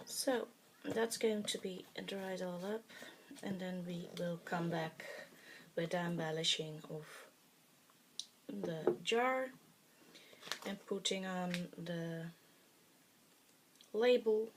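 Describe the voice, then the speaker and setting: A woman's voice: lowish voice, slow pace, long pauses, noisy background. A woman whose first language is Dutch, talking through a craft project in a casual, hesitant way with many fillers, muttering to herself as she works. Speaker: craft tutorial host.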